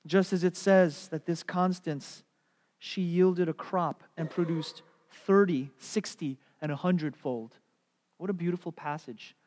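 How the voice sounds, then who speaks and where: A man's voice: a little high, a little slow, a little mellow. A middle-aged man preaches a sermon as the pastor, his slightly raised voice ringing through a long, reverberant church hall. He tells stories with animation and slips into playful voices along the way. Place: church sanctuary.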